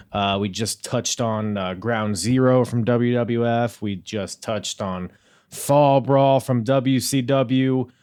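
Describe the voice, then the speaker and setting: A man's voice: medium pitch, darkish tone. A young man hosting a wrestling podcast in a casual, goofy, rambling way, joking with himself and the listener. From Virginia. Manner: goofy, rambling, self-mocking. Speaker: podcast host.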